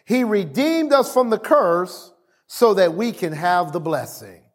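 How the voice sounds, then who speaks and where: A man's voice: high voice, big pitch swings, measured pace. A man preaching a sermon as pastor, repeating phrases and calling on the congregation to answer back.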